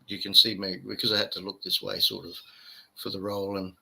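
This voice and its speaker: Australian male co-host, bright, chatty and tired; casual webcam stream talk. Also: low voice, flat delivery, brisk, vocal fry, slightly rough, low-quality recording. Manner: rambling, jokey, chatty. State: tired from little sleep. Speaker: livestream co-host. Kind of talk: casual live-stream chat.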